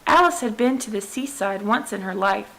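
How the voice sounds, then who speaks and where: A woman narrating a classic children's book aloud in an even, clear storytelling voice. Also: medium pitch, normal speed, rough recording. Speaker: audiobook reader.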